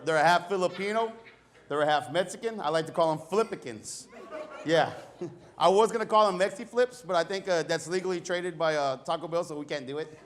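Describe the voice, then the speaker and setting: A middle-aged man doing a conversational, self-deprecating stand-up comedy set before a live audience. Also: high-pitched. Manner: conversational, self-deprecating, acts out dialogue in raised voices.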